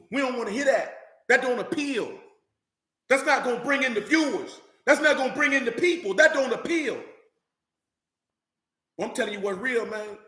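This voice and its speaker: A man with a high, bright, forceful voice delivers a fiery street-style sermon, coarse and blunt. He repeats lines to drive each point home. The sound carries a roomy echo. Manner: preachy, blunt and profane, repeating lines for emphasis. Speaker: street preacher.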